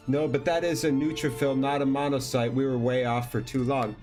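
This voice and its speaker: A man's voice: mid-range voice, unhurried, a little mellow, soft background music. Joking man hosting a live trivia quiz. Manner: jokey, loose, teasing players by team name.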